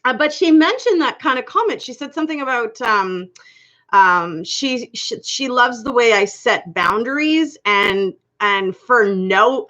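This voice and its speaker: A woman's voice: on the high side, a bit bright. A woman hosting a casual livestream, chatting with viewers by name, laughing often, with a slight accent. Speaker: livestream host. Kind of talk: casual live chat reading comments. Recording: dull lo-fi livestream audio.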